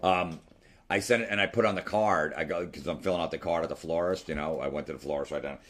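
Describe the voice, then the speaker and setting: A man telling a self-mocking story in casual chat, rapid and full of swearing. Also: very deep voice, a bit bright.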